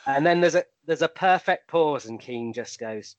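A man's voice: fairly high pitch, normal speed, no echo. A man on a chat panel, telling an anecdote with plenty of ums and hesitations. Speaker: panel guest.

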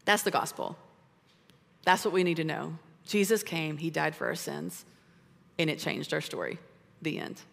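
A woman preaching to a roomful of women, casual and animated, leaning on "like" and "right?". Her voice sits a bit low and echoes through a large hall with a long reverb. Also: normal speed, vocal fry, long pauses. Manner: animated and conversational, with lots of "like" and "right?". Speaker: women's ministry speaker. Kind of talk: sermon. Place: large room full of women at a church gathering.

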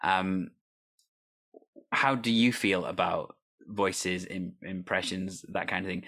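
A man's voice: low-pitched, fairly even intonation, takes it slowly, pushed and bright, breathy edge. A man hosting a casual conversation, talking in a chatty, rambling way with frequent fillers. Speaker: host. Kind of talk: casual chat.

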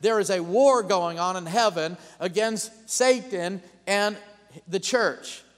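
A man preaching a sermon as pastor, calling out amens and building to loud declarations. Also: sits high, takes it slowly, in a large hall.

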